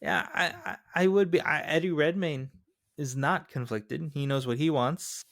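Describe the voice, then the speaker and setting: A man's voice: fairly high pitch, normal speed, fairly bright tone, dry recording, clean studio sound. A man co-hosting a movie review podcast, rambling and hesitant as he chats and laughs at his own jokes. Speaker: podcast co-host. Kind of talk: casual movie review chat.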